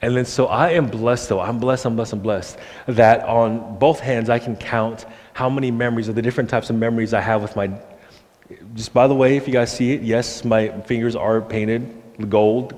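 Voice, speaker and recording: A young man preaching a casual, animated sermon and slipping into the voices he quotes. His pitch sits in the middle. The church hall behind him rings with a long reverb. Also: normal speed. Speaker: pastor. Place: church sanctuary.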